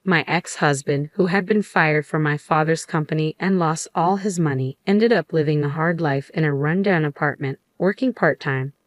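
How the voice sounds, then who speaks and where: A woman narrating a scripted first-person story in a steady, even reading voice. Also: deep voice, moderate pace, few pauses, no room sound, studio quality.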